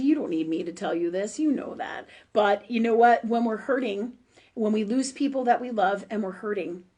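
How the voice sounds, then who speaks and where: A woman's voice: medium pitch, a little mellow. A middle-aged woman hosting a live call-in show as a spiritual medium, giving readings in a rambling, emotional way, full of fillers and restarts, and swearing bluntly at times. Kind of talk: casual live-stream readings for viewers.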